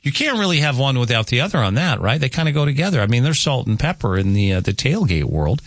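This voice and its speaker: A man's voice: medium pitch, big pitch swings, fast, dry recording. A man hosting a morning radio show, chatting casually and joking as he interrupts himself. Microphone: studio microphone.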